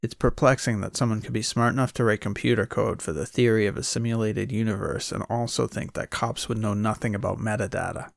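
A man's voice: lowish voice, fairly even intonation, a little fast, gravelly, few pauses, dry recording, studio quality. A man giving first-person audiobook narration in a wry, conversational private-eye voice.

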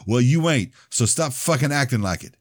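A man's voice: lowish voice, expressive, measured pace, darkish tone, no room sound, pitched above the performer's own voice. A man voicing a smug, hostile teenage boy in an audiobook, taunting and crude, in a dry recording. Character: smug hostile teenage male bully cousin.

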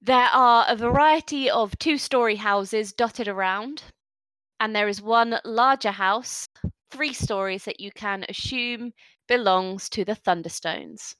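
High-voiced woman running a tabletop game. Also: measured pace, no echo, poor audio. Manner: relaxed, chatty, laughs easily. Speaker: game master.

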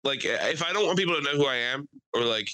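A man's voice: mid-range voice, fast talker, no echo, rough recording. A young man hosting a podcast, telling profane stories in casual chat and laughing often. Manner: animated, profane storytelling, frequent laughter. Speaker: podcast host.

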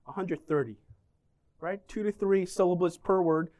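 A man's voice: high-pitched, moderate pace, a little mellow, highs cut off. A man preaching a sermon, joking and asking the congregation questions as he talks. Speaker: pastor.

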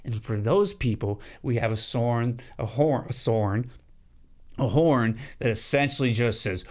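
A man hosting a solo podcast, ranting comically and jumping into high silly voices for his examples. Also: unhurried, darkish tone. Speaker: podcast host. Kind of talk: solo comedic podcast rant.

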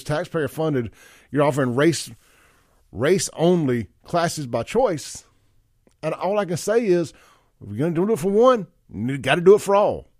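A man with a drawl hosting a talk radio show, talking in a blunt, folksy way and reading listener texts aloud. His voice sits at an ordinary middle pitch, recorded close on a studio microphone in a dry, dead room. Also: darkish tone, no echo. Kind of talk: opinionated talk radio monologue.

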